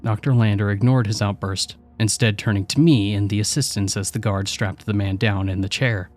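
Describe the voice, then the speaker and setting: A man with a fairly low voice narrates a scripted horror story at a steady, measured pace. Faint music plays underneath.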